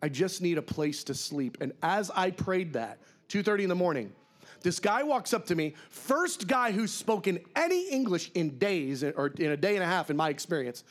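A man's voice: sits high, normal speed. A man preaching a sermon, telling a story and acting out the voices of people he quotes. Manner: animated, acts out quoted voices.

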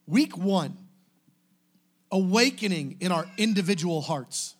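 A man preaching to his church, impassioned and exhorting, swinging from quiet pleading to shouting. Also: high-pitched, animated, slow. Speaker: pastor. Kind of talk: sermon.

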